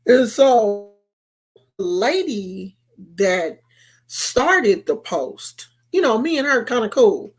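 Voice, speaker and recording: A woman tells a story in a loose, sassy rant and leans hard on her emphasis. Her voice sits on the high side, and she takes her time. She drops into quoted lines with real attitude. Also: big pitch swings, slow, breathy edge. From United States. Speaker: vlogger. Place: California.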